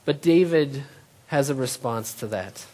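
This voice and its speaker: Preacher, sermon, conversational, rhetorical questions to the crowd, middle pitch. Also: expressive, unhurried, dark tone. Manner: retells scripture in plain everyday terms.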